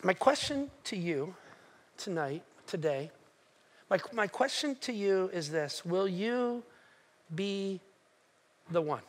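A male pastor preaching a sermon, retelling a story with animated acted-out voices and direct questions to the congregation. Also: high-pitched, takes it slowly, pauses often.

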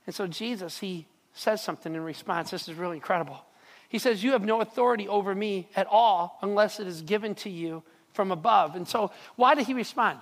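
A pastor preaching a sermon in a relaxed, conversational way, often repeating words and checking in with the listeners. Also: mid-range voice, a little fast. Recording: long reverb of a large hall.

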